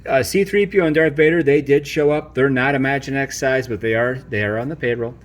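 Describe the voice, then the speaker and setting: A man's voice: mid-range voice, fairly quick. A man in his thirties hosting a playful family video at home, jokey and mock-pompous as he introduces toys. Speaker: host.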